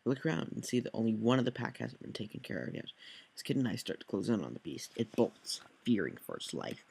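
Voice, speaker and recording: A man's voice: medium pitch, big pitch swings, quick pace, vocal fry, darkish tone, slightly rough, rough recording. A man reading a text game aloud, with slips, corrections and jokey asides. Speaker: let's play host.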